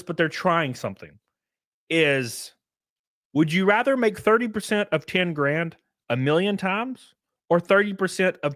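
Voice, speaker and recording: A man's voice: high voice, a bit bright, no echo, studio quality. A young man casually chatting on a livestream, reading chat aloud with crude, rambling jokes.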